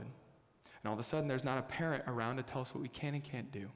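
A young man from the United States preaching a sermon as a pastor, telling a family story with lively, excitable bursts. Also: mid-range voice, fast talker. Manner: storytelling, animated, jumps to loud excited bursts. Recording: long hall reverb.

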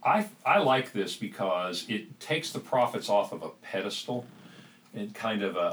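A man's voice: deep voice, moderate pace, fairly bright tone, distant mic, a little hiss or hum, poor audio. A man talking as a guest on a podcast, earnest and reflective, a little rambling. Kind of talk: podcast conversation.

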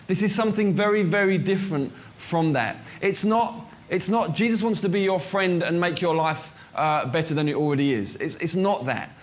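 A man preaching in a relaxed, conversational way, often pausing with ums and restarting his sentences. His voice sits high for a man. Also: slight background noise. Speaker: pastor. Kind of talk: sermon.

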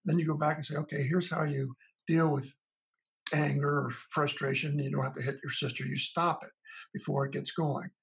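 Guy with a raspy gravelly voice talking through parenting stuff in an interview, pretty husky. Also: on the high side, little pitch movement, moderate pace, poor audio. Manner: recounts parent dialogues, thinking aloud with restarts. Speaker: psychologist guest. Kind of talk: conversational interview answer.

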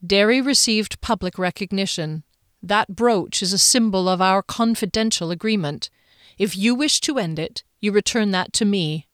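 An earnest male noble leader pleads for understanding while keeping his secrets, as a woman reads him in an audiobook. His words come measured and sincere. The sound is close and dry. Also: medium pitch, no echo, natural voice. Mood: gentle. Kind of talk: audiobook character reading.

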